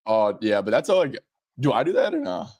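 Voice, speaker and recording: A man's voice: mid-range voice, wildly swooping pitch, fairly quick, a little mellow, no room sound. Dry-voiced joking young man host. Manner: loose, joking, rambling with many fillers. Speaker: sports betting show host. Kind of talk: casual betting chat.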